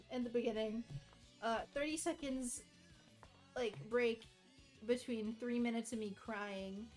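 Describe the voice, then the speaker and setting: A woman streamer chatting at her desk, her voice sitting a little high. She rambles, swears and laughs at herself, sounding tired and overheated. Faint music plays under her voice. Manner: rambling, self-deprecating, swears and laughs often. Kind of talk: casual live-stream chat.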